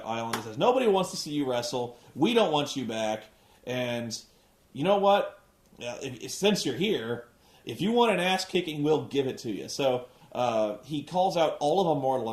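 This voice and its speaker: A man's voice: mid-range voice, a little mellow, reverberant. A man hosting a casual, profane wrestling recap, rambling and cursing as he goes. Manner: rambling, swears a lot, restarts often. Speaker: host reviewing a wrestling show.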